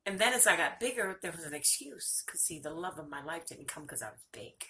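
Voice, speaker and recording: Earnest older woman with a bright voice. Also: sits low, expressive, fairly quick. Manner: candid, earnest, close to tears at times. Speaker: vlogger. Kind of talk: personal video monologue.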